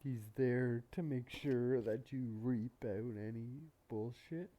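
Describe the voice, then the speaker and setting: Slow, very dark-voiced man rambling. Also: medium pitch. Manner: rambling, filler-heavy, profane. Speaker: anime reaction channel host. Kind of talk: casual reaction commentary.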